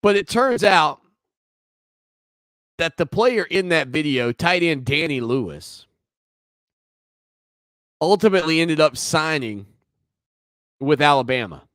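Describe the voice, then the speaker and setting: A man's voice: a little high, animated, takes it slowly, pauses often, a bit bright, dry recording, studio quality. A man hosting a sports talk radio show, talking through the news in a conversational, opinionated way with teasing asides.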